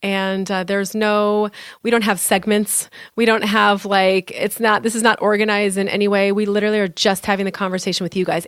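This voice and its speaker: A woman's voice: medium pitch, level tone, a little fast, fairly bright tone, smooth, no room sound, clean studio sound. Talkative woman podcast co-host. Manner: talkative, lots of fillers, playful teasing. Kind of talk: casual podcast chat. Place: small podcast studio.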